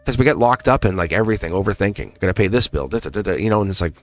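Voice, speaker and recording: A man giving a casual, animated live tarot reading to a viewer, chatty and encouraging, with the odd swear word. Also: sits low, rapid-fire. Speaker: tarot reader.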